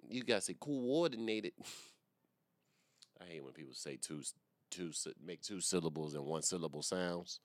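With a deep voice and studio-quality audio free of echo, this stand-up comedian runs a solo comedy podcast. His casual rant rambles along, profane and slangy, as he laughs at his own jokes.

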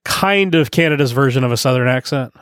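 A man's voice: medium pitch, animated, a little fast, fairly bright tone, no room sound. Curious male co-host in casual talk, dry sound. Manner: curious, asks many questions. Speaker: podcast co-host. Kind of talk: casual chat.

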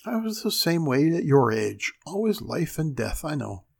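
Patient amused mom, kinda teasing, husky edge, guy reading her in a story. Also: a little high, very animated, normal speed, pitched above the performer's own voice, heavily acted. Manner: gently teasing, mock serious. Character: amused patient suburban mother.

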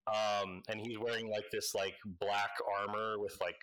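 Game master, male, bright voice, slow and halting, lots of fillers. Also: lowish voice, little pitch movement, rough recording. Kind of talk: narrating a tabletop game.

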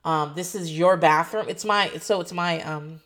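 A woman in her thirties telling a story in a casual vlog, animated and profane, acting out what others said. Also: fairly low pitch, normal speed. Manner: animated, swearing, quotes others in voices. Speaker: foster parent telling a story.

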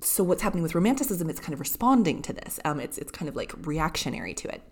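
Low-pitched woman on a podcast, casual and chatty, lots of "like". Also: big pitch swings, fast, slight background noise. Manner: chatty, many fillers like "kind of" and "like". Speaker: podcast co-host. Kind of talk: casual literary podcast chat.

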